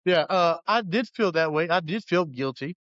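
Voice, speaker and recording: A man's voice: a little high, animated, moderate pace, a bit bright, no echo, muffled recording. A man as a podcast guest, earnestly telling a personal story in a rambling way full of restarts.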